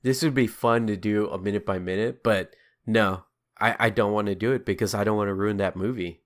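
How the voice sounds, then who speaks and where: A man's voice: on the low side, fairly even intonation, fairly quick. A man co-hosting a podcast, chatting in an easygoing way and chuckling often. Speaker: podcast co-host. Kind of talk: casual chat.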